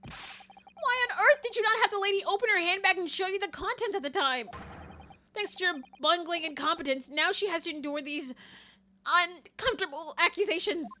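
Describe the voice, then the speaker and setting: A woman voicing a haughty, scornful male prosecutor in a loud, high, indignant manner. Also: moderate pace, slight background noise.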